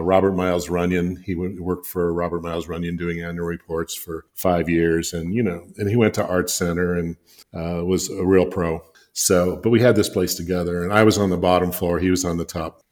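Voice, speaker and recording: A man's voice: sits low, darkish tone. An older man, a guest designer and author, telling stories in a rambling, chuckling way with many fillers. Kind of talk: anecdotal storytelling in conversation.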